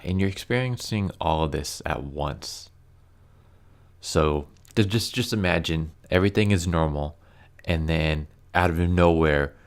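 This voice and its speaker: Man, very low voice, resonant, casual commentary, earnest, lots of fillers and restarts. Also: smooth. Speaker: YouTuber reviewing comics.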